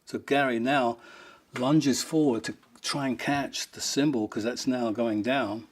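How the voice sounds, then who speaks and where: During an interview, a man with a medium-pitched voice speaks a little slowly as he shares funny anecdotes. He chuckles often and acts out quotes, putting on voices for the people in his stories.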